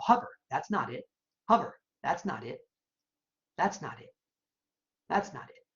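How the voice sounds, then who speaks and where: A professor talking through a software demo on a screen recording, casually thinking aloud while checking each option and repeating phrases. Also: mid-range voice. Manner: casual, chatty explaining with verbal tics. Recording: dull lo-fi recording.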